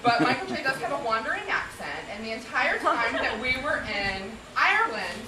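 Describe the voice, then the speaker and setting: A woman's voice: fairly high pitch, moderate pace. A woman in her thirties giving a roast speech for her husband at a party, telling stories and laughing often. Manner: laughing often, animated storytelling. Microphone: distant camera. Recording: roomy, distant, noisy party recording.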